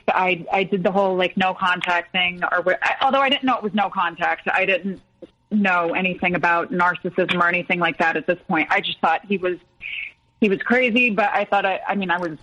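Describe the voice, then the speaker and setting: A woman guest recounting a personal story in a hesitant, halting way. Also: lowish voice, fairly bright tone, lo-fi sound. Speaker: podcast guest.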